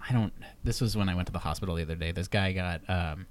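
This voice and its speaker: A man's voice: low voice, fast talker, a little hiss or hum. A man co-hosting a podcast, chatting casually and wandering off into tangents and personal stories. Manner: rambling, tangent-prone storyteller. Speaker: podcast co-host.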